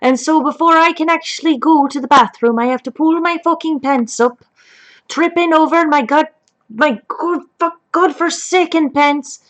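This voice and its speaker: A woman's voice: sits high, moderate pace, a bit bright, rough recording. A woman playing a foul-mouthed elderly grandmother who rambles off topic and swears constantly. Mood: gossipy. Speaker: grandmother telling a story. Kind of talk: comedic improvised chat.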